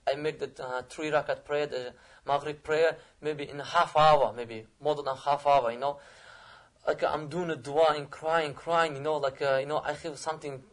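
Earnest man with flat, halting speech. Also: fairly high pitch. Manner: halting, searching for words, repeats phrases; earnest and emotional. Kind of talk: personal testimony.

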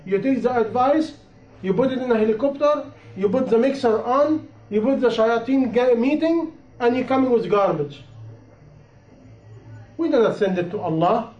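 High-voiced man preaching in an echoey room. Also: expressive, moderate pace. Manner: impassioned, repetitive, rising and falling emphasis. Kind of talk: sermon. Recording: echoey room, dull lo-fi sound.

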